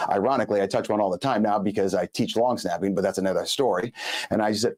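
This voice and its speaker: A man's voice: on the low side, quick pace, a little mellow. Chatty emphatic male show host. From Los Angeles. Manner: chatty, emphatic, talks to viewers directly. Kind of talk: live show monologue.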